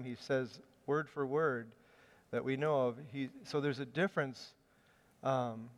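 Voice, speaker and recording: Man preaching with a smooth, ringing voice. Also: mid-range voice. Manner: conversational storytelling with hesitations. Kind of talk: sermon. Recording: long hall reverb.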